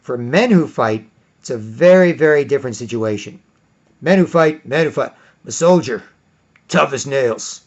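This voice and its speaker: A man delivering a rambling monologue, often putting on high mocking voices for other people. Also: lively intonation, moderate pace. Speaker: commentator. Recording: dull lo-fi recording.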